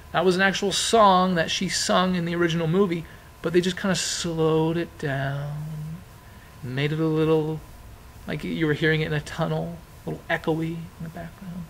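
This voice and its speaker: Chatty man teacher, higher voice. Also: little pitch movement, normal speed, vocal fry, sharp tone, a little hiss or hum, poor audio. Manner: conversational, repeats key phrases, frequent fillers. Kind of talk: informal classroom explanation.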